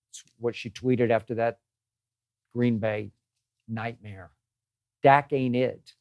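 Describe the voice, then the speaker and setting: A man's voice: medium pitch, darkish tone, no echo, clean studio sound. An older man hosting his own sports show, delivering an emphatic, exasperated opinion monologue and repeating phrases for effect. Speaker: host.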